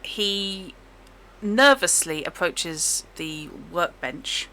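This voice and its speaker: Bright-voiced woman game master. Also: fairly low pitch, animated, very slow. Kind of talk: narrating a tabletop game.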